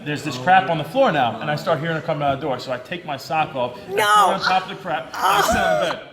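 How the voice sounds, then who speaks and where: A man telling a comic personal story on a talk show, quick and self-deprecating, laughing as he goes. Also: on the high side, very animated, roomy sound, a crowd in the background. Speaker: guest athlete. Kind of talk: animated anecdote telling.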